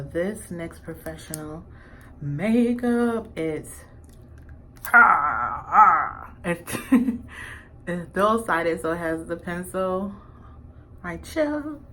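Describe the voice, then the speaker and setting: A woman's voice: lowish voice, fairly bright tone, slight background noise. A young woman, a little tipsy, chatting casually through a makeup tutorial, rambling and swearing in playful trash talk. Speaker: beauty vlogger.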